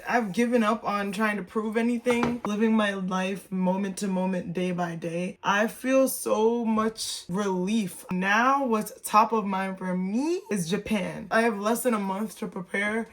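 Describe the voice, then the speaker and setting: A young woman vlogging to camera from home, candid and animated, asking herself rhetorical questions. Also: mid-range voice, measured pace, few pauses. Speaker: lifestyle vlogger. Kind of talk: casual vlog talk to camera. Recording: roomy echo, faint music.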